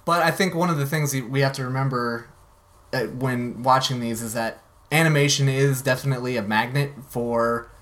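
A man's voice: mid-range voice, normal speed. Chatty male podcast host. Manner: chatty, animated, with playful put-on voices. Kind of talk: casual podcast chat.

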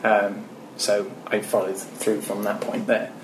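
British man, guest, rambling with ums, low voice, even tone, echoey room. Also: noisy background. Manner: unhurried and rambling, many ums. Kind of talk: casual interview. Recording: roomy echo.

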